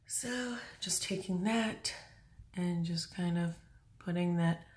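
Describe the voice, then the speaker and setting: Speaking slowly in a voice on the low side, a young woman does an early-morning makeup tutorial at a mirror at home, in a bathroom or bedroom. She's casual, chatty and self-deprecating, occasionally quiet, and her voice comes from a distance in an echoey room.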